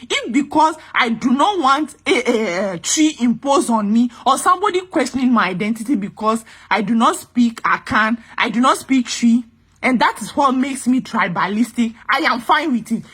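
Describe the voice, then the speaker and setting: Husky-voiced Ghanaian woman ranting angrily. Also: a little high, lively intonation, normal speed, fairly bright tone. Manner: exasperated, emphatic, repeats herself. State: angry. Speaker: vlogger. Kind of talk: impassioned vlog rant.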